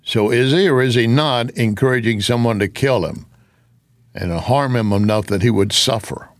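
A man's voice: medium pitch, moderate pace, no echo. A man giving an opinionated political commentary monologue, with sarcastic asides.

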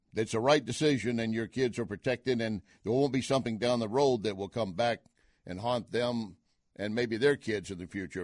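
A man's voice: mid-range voice, no echo. An older man hosting a talk radio show, delivering an opinionated monologue with emphatic, punchy asides into a studio mic.

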